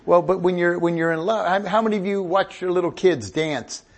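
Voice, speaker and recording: A man's voice: sits high, fairly quick. A middle-aged male pastor preaching a sermon, joking with the congregation and rising into emphatic bursts.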